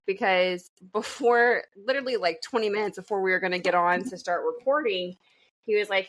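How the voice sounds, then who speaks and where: A woman's voice: medium pitch, brisk, fairly bright tone. Podcast lady on a video call, chatty storyteller, laughs a lot. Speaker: podcast co-host. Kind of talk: casual storytelling chat.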